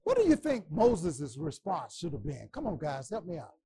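A man teaching a Bible class, preaching with passion, stammering repetitions and bursts of shouting. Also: a little high, wildly swooping pitch, normal speed, slightly rough.

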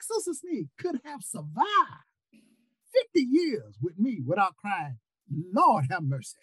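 An older man preaching a sermon over a video call, repeating words and rising into near-shouts. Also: sits high, sing-song, takes it slowly, slightly rough, no room sound, low-quality recording.

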